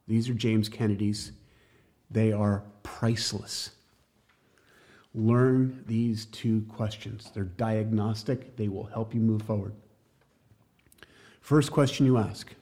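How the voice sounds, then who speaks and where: A man's voice: lowish voice, darkish tone. A man teaching a church class on evangelism, jokey and emphatic, talking straight to his listeners.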